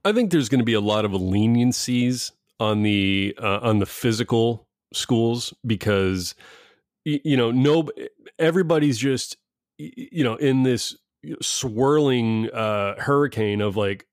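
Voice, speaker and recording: A man's voice: fairly low pitch, no echo, studio quality. A middle-aged man and father talking casually, rambling with frequent restarts and laughs. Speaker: parent discussing schooling. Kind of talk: casual conversation.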